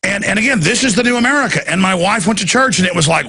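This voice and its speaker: A man's voice: high-pitched, very animated, fast talker, few pauses, sharp tone, husky. A man hosting a talk show, commenting over a video clip in a mocking, heated way. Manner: mocking, puts on drawling voices, laughs.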